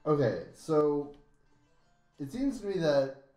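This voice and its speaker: A man's voice: a little high, sing-song, slow pace, warm tone, soft background music. A man playing a tabletop game, casual and a little sheepish, swearing about his bad rolls. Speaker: player. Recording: echoey room.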